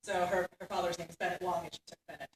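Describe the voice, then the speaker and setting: A woman's voice: fairly low pitch, fairly even intonation, rapid-fire, slight background noise. A woman giving a conference keynote lecture in a conversational way, often laughing and tagging her points with "right?". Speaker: keynote speaker. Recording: echoey hall from far off.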